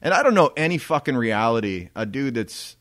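A man's voice: medium pitch, big pitch swings, brisk, fairly bright tone, no room sound. A man telling a story in a casual podcast chat, swearing freely and laughing often. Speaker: podcast co-host.

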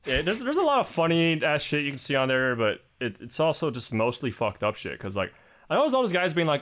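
A man's voice: fairly high pitch, huge pitch swings, brisk, fairly bright tone. A young man co-hosting a podcast, talking in a rambling, heavily sworn casual rant full of fillers. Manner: heavy swearing, rambling, filler-laden. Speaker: podcast co-host. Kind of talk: casual chat.

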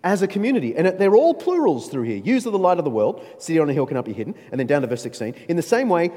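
A man preaching a sermon, emphatic and animated, with playful asides to his listeners. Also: a little high. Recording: long reverb of a large hall.

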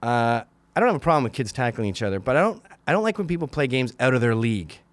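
Male host in his forties, crude ranting monologue, lively swinging pitch, dry close mic. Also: fast, dry recording. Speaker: podcast host. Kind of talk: comedic monologue.

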